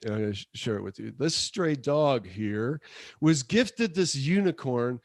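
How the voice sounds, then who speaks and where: A man's voice: mid-range voice, expressive, a little slow, dry recording. A man in his fifties co-hosts a casual podcast chat, telling loose, rambling stories and chuckling along the way. His voice sits mid-range and is recorded dry and close. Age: 50s. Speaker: podcast co-host.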